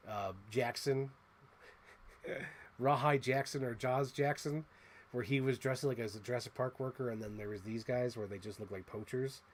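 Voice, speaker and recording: A man hosting a casual toy unboxing, chatty and excitable as he gushes over what he shows. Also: medium pitch. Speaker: host.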